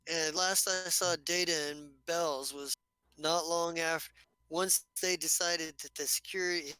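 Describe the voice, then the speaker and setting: A man's voice: a little high, steady tone, pushed and bright, clean tone, dry recording. A man doing a rambling outlaw in hiding. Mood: guarded. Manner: rambling, halting, swears freely. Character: wary male outlaw ex-partner in hiding.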